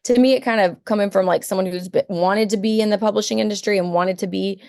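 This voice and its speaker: A woman's voice: medium pitch, steady tone, fast talker, gravelly, a little mellow, dry recording, studio quality. A woman from rural Texas, chatting thoughtfully as a podcast guest and often quoting people. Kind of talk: casual chat.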